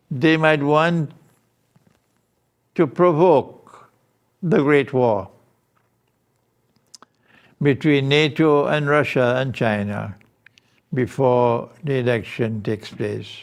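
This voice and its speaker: Guy lecturing real slow and deliberate, smooth clear voice, leans hard on points. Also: mid-range voice. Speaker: Muslim lecturer. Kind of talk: recorded lecture.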